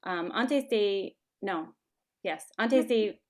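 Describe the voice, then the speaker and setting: A woman's voice: mid-range voice, lively intonation, takes it slowly. Hesitant woman student full of ums. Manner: hesitant, many ums, stops to ask questions. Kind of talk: answering in a language class.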